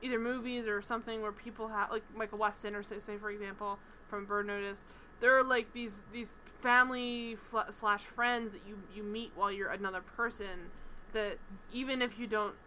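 A woman co-hosting a casual TV recap chat, animated, swearing freely and acting out characters' lines. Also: medium pitch, moderate pace, slight background noise, rough recording. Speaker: podcast co-host.

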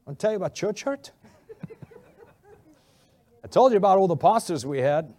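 A male pastor telling a funny story in a sermon, animated and laughing often. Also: sits high, normal speed, long pauses.

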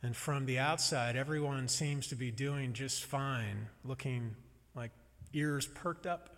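A man's voice: medium pitch, slow pace, fairly bright tone. Reflective male preacher in a reverberant hall. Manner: conversational, wry and reflective. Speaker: pastor. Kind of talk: sermon. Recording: long reverb of a large hall.

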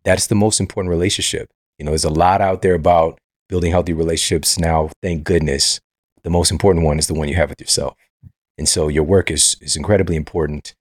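Deep-voiced earnest podcast host. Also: male voice, fairly even intonation, fast, dry recording, studio quality. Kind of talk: casual interview talk.

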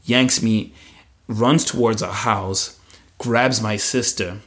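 A man's voice: on the low side, steady tone, takes it slowly, a bit bright. A man telling a personal story in conversation, retelling it vividly in the present tense with frequent fillers. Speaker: guest.

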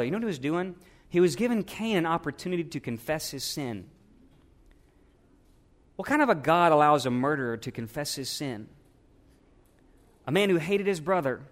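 A man preaching a sermon, swinging from hushed, earnest asides to emphatic, building lines. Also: a little high, expressive, moderate pace, long pauses. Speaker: pastor.

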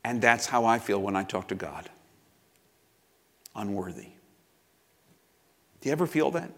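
A man's voice: lowish voice, animated, unhurried, gravelly, pauses often. A man in his fifties preaching a sermon as pastor, reflective and confessional, with personal asides.

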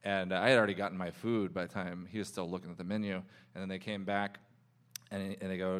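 A man's voice: low-pitched, flat delivery, a little fast, a bit bright, clean tone. A man hosting a live comedy podcast, telling a rambling anecdote and quoting people in shifting voices. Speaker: podcast host. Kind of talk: live podcast banter and storytelling. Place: live show before an audience.

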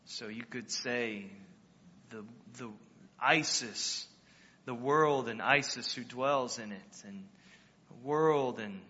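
A man's voice: medium pitch, slow, pushed and bright, husky, big-room sound, dull audio. A male pastor preaching a sermon in a conversational way, rising with emphasis on key phrases and often restarting his sentences.

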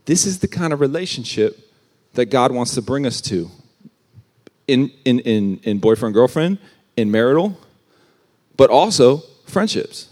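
A man giving a casual youth sermon, conversational and animated with everyday slang. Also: medium pitch, a little slow, long pauses. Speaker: youth pastor.

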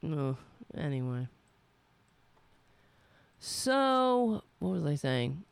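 A woman's voice: low-pitched, big pitch swings, very slow, creaky, clean tone. A middle-aged woman with a nasal voice hosts a casual political talk show alone, sarcastic and profane, muttering to herself between points. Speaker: show host.

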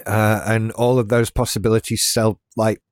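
A man in his late thirties co-hosts a podcast, chatting casually in a laid-back, rambling way full of restarts and wry asides. His voice is on the low side, smooth and flatly delivered at normal speed. The recording is dry and clean, with studio sound.

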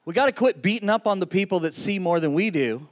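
A man preaching a sermon, telling stories with lively acted-out quotes. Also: sits high, fast talker. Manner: animated storytelling with acted-out quotes.

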